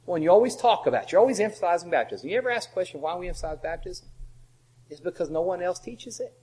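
Emphatic male preacher, higher voice. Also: expressive, fast talker, poor audio. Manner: emphatic, rhetorical questions with strong swings in loudness. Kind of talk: sermon.

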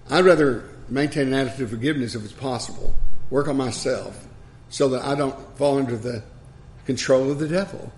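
An older man preaching a sermon in a conversational way, with asides and little laughs at himself. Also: fairly high pitch.

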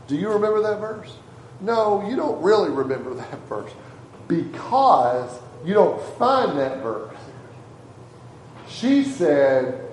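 A man's voice: fairly high pitch, big pitch swings, slow, a little mellow, reverberant, a little hiss or hum, poor audio. A man preaching a sermon to a congregation in a conversational way, often asking them questions. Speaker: pastor.

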